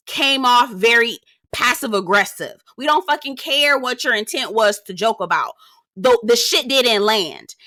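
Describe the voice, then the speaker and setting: A woman breaks down a reality TV episode in a blunt, sassy, freely swearing way. Her voice is bright and sits a bit high, recorded dry and close with no room sound. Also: dry recording. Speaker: reality TV reviewer. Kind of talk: casual recap commentary.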